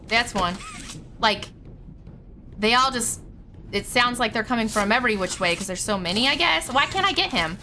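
A woman's voice: a little high, sharp tone, a little hiss or hum. A young woman streaming a horror game live, panicking, shrieking and swearing as she plays. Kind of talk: live gameplay commentary.

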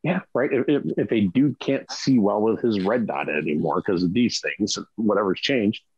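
A man's voice: lowish voice, normal speed, darkish tone, slightly rough, no echo, dull audio. A man on a podcast panel chatting casually and emphatically, often checking in with "right?". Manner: emphatic, keeps asking "right?".

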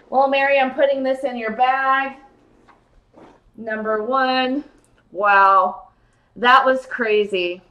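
She calls out viewers by name while hosting a casual late-night live-stream jewelry sale, her voice fairly high-pitched. Excitable and gushing, she sounds giddy and tired.

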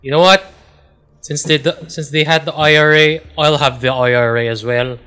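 Bright-voiced gamer, laid-back. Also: male voice, a little high, steady tone, normal speed, clean tone. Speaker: gamer co-host. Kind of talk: casual gaming banter.

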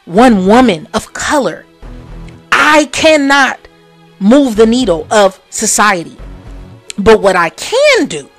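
A woman's voice: sing-song, slow, soft background music. A woman hosting a motivational podcast, speaking in a preachy way and repeating phrases for emphasis. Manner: swings from low murmurs to loud exclamations. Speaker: podcast host. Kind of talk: motivational talk.

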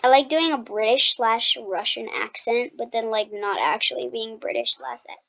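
A woman hosting a gaming video, chatting casually and playfully while she plays, quick to protest and tease. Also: on the high side, gravelly, a bit bright, lo-fi sound. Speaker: gaming channel host. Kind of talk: casual gameplay commentary.

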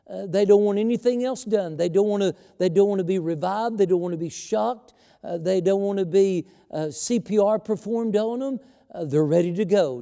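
High-voiced preacher in a reverberant church. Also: male voice, mellow. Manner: preaches with slow emphatic phrasing and scripture reading. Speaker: pastor. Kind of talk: sermon. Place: church sanctuary.

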